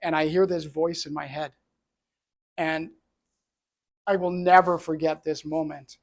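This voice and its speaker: A man's voice: fairly high pitch, level tone, a little slow, vocal fry. A middle-aged man from Canada, an entrepreneur telling his own story in an earnest, reflective way. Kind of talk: personal storytelling talk.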